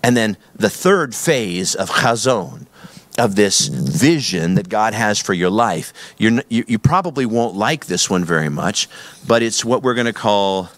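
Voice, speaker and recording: Emphatic middle-aged preacher, dry sound. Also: male voice, on the low side, expressive, unhurried, dry recording. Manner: emphatic, repetitive, storytelling preacher. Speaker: pastor. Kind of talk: sermon.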